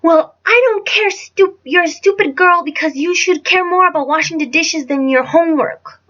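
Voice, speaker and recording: A woman's voice: high voice, fairly even intonation, normal speed, lo-fi sound, close to an everyday voice. A woman playing her angry stepfather as she retells a story, in a harsh, scolding tone and a voice close to her own. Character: angry bullying stepfather, grown man.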